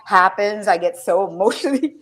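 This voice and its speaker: A woman's voice: mid-range voice, lively intonation, a little fast, a bit bright. A woman hosting a casual podcast chat, rambling through stories, swearing freely and getting emotional. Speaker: podcast host.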